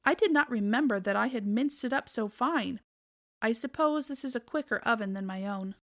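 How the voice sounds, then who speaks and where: A woman voicing a polite, anxious female dog at a storybook tea party, talking in a hurried, flustered way. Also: fairly high pitch, natural voice. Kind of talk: storybook read-aloud.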